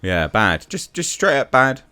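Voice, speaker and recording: A man's voice: mid-range voice, big pitch swings, a little slow, sharp tone, smooth, soft background music. A man giving a blunt, exasperated casual review rant, with frequent restarts and swearing.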